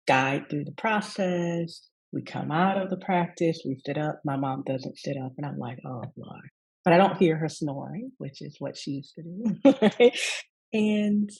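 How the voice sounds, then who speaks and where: A woman from the American Deep South, telling a personal story as a guest in a conversational, laughing way. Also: gravelly, breathy edge, poor audio. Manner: warm storytelling with frequent laughs and asides. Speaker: guest speaker, rest coach.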